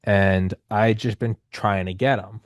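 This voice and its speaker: A man in his thirties hosting a podcast, telling stories in a loose, rambling, animated way with casual swearing. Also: lowish voice, a little slow, dry recording, clean studio sound. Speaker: podcast host. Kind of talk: casual conversational storytelling.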